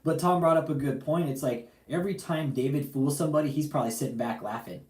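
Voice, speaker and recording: A man's voice: fairly high pitch, quick pace, darkish tone, echoey room. A man hosting a livestream, ranting angrily and profanely, repeating himself and calling out his target directly. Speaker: livestream host. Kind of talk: heated livestream rant.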